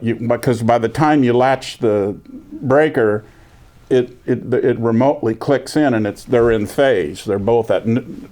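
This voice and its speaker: An older veteran in an oral history interview, telling his story with energy and acting out other people's lines. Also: medium pitch. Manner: lively storyteller, acts out quoted voices.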